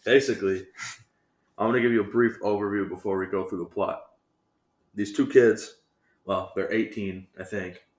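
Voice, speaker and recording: A man's voice: fairly low pitch, steady tone, moderate pace, pauses often, darkish tone. A man co-hosting a movie podcast, chatting casually and rambling as he laughs and acts out scenes. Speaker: returning podcast co-host. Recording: echoey room.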